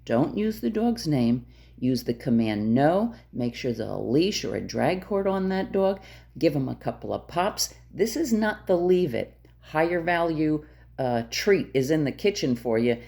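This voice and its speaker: A woman dog trainer explains her methods in a direct, emphatic manner, often repeating herself to drive the point home. Her voice sits low and mellow with a gravelly edge. Her pitch swings widely from phrase to phrase. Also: sing-song, unhurried. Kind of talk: instructional talk to camera.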